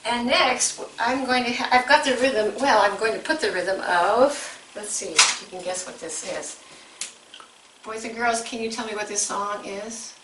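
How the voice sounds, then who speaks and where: A woman's voice: on the high side, a little slow, roomy sound, recorded from a distance, noisy background. A woman coaching teachers through a music lesson, explaining step by step and breaking into short sung examples.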